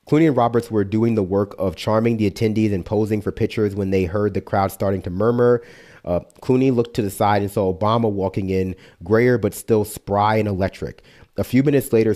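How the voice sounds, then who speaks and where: A man's voice: fairly low pitch, warm tone. A man streaming, reading an article aloud and breaking off for sarcastic, casual asides.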